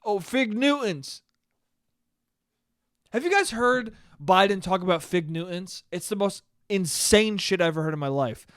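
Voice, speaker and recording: A young man hosts a solo podcast, rambling casually and swearing as he jokes along. His voice is high and smooth. The recording is close and dry, with no room sound. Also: animated, moderate pace, hardly any pauses, fairly bright tone, dry recording. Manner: profane, rambling, joking. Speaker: podcast host.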